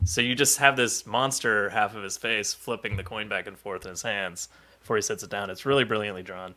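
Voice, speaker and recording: A man co-hosting a casual comic book podcast, talking in an animated way and acting out characters' lines. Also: lowish voice, a little fast. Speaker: podcast co-host.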